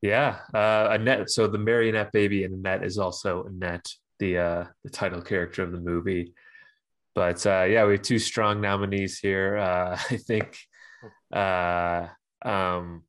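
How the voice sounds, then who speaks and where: A man's voice: sits low, level tone, unhurried, fairly bright tone. A man co-hosting a podcast in casual chat, laid-back and hesitant with many fillers. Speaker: podcast co-host.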